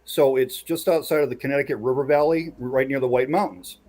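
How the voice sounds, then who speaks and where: A man's voice: medium pitch, steady tone, a little fast, a little mellow, faint music behind. A man hosting a casual podcast chat who builds suspense as he tells a story. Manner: builds suspense while recounting a tale.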